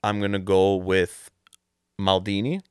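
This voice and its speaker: A young man co-hosting a casual soccer podcast, talking in animated bursts with lots of restarts. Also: deep voice, unhurried, smooth, no echo, clean studio sound. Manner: animated, restarts often, says "man" a lot. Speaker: podcast co-host. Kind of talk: casual sports chat.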